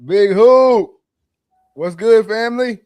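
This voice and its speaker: A man co-hosts a sports podcast in a laid-back way, stirring up his listeners about giveaways. His voice sits a touch high. The sound is close and dry with no room echo. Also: takes it slowly, darkish tone. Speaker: podcast co-host. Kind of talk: casual podcast chat.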